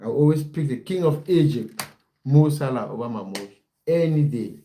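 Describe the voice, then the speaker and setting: A young man hosts a relaxed football livestream, talking to his viewers in a warm, mellow voice. He chats loosely, breaks off often and restarts his sentences, and reads out their comments as they arrive. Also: mid-range voice, normal speed, slight background noise. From based in the United Kingdom. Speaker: football coach and livestream host. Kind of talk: casual livestream chat with viewers.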